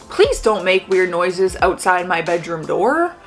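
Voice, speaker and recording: A woman in her twenties chatting casually as she reacts to clips, animated and laughing often. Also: on the low side.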